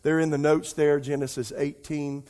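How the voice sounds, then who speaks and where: A pastor delivers a sermon in a loose, conversational way, calling out to the congregation. His voice climbs into emotional, pleading cries and then sinks to a soft hush. He repeats words often as he tells stories. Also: on the high side, little pitch movement, normal speed. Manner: emotional storytelling, rising to near-crying pleas.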